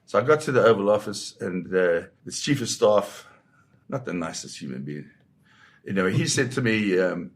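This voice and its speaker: A man from Zimbabwe, a photographer guest, telling anecdotes in a lively raconteur's way and acting out the voices of people in his stories. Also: fairly low pitch, normal speed. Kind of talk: anecdotal storytelling.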